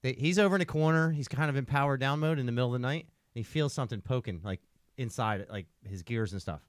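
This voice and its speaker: This podcast host is a fast-talking man with an ordinary mid-range voice, spinning a long, rambling story and tossing in "right?" every few lines. The recording is close and dry, with no echo.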